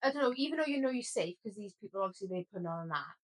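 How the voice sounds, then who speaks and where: A woman's voice: mid-range voice, lively intonation, rapid-fire, rough recording. A young woman co-hosting a casual podcast, rambling with lots of "like" and "um". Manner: rambling, filler-heavy chat. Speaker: podcast co-host. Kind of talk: casual chat.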